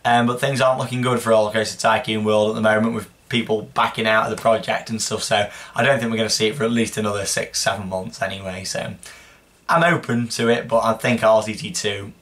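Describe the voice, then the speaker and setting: A man's voice: on the low side, little pitch movement, fast, a bit bright. A young man hosting a casual show, answering viewer questions in a chatty, rambling way. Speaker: host.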